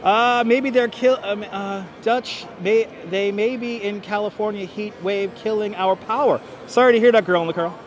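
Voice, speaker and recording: This livestream host speaks in a high voice with fairly even intonation, at normal speed and barely pausing. He cheerfully greets viewers and reads the chat aloud while walking through city streets and a large indoor station hall, wearing a wireless clip-on mic.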